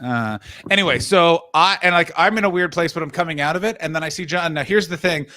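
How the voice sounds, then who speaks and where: A man's voice: fairly high pitch, fast talker, bright, forceful tone. A man hosting a casual live stream, telling rambling stories full of asides and restarts over a video call. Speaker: streamer and host. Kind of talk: casual chat.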